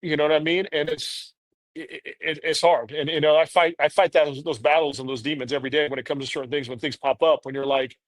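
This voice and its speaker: A man's voice: fairly high pitch, steady tone, a little fast, no echo. A man in his thirties, a podcast guest, telling a candid personal story in an earnest, rambling way full of "you know".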